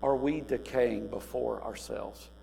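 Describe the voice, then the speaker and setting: A man preaching a sermon, moving between quiet, musing passages and loud, emphatic cries. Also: mid-range voice, measured pace, gravelly. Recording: reverberant hall with faint mains hum.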